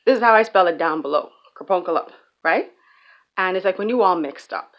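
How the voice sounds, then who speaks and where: Playful Bahamian woman, lowish voice. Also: a little fast, dull audio. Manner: playful, joking, animated storytelling. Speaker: YouTuber. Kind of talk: casual explainer vlog.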